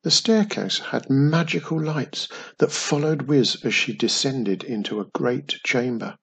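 A man narrating a children's story in a gentle, expressive reading. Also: mid-range voice, measured pace, creaky, husky.

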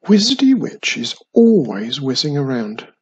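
A man reading a children's storybook aloud in a slow, expressive way. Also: medium pitch, slightly rough, lo-fi sound. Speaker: storybook narrator.

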